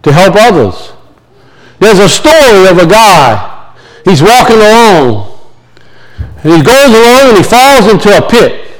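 A man's voice: high-pitched, big pitch swings, measured pace, long pauses, low-quality recording. A man preaching a sermon, telling stories in a folksy, plain-spoken way. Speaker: pastor.

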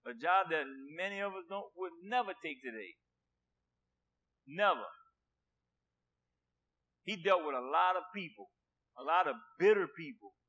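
High bright preacher guy, fired up, gets quiet then loud, repeats stuff. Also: lively intonation, unhurried, long pauses, dull audio. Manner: impassioned, swinging from hushed to loud; repeats words for emphasis. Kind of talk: sermon.

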